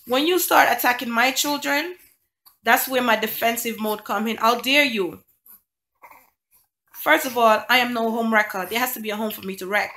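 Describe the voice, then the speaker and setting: A single mom vlogger tells an indignant storytime about a conflict, emphatic and driving her point home with repeated rhetorical questions. Her voice is a little high, bright and forceful, at a moderate pace.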